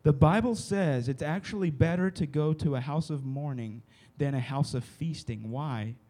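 Male preacher, slightly high voice, casual style, talks with his audience. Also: normal speed, warm tone. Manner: conversational, keeps checking in with the listeners. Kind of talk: casual sermon to a youth group. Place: room with a live audience.

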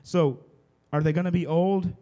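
A man's voice: high voice, steady tone, moderate pace, warm tone. A man preaching a casual sermon to a room of listeners, often stopping to check that they follow along. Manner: conversational, keeps checking in with the listeners. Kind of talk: casual sermon to a youth group. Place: room with a live audience.

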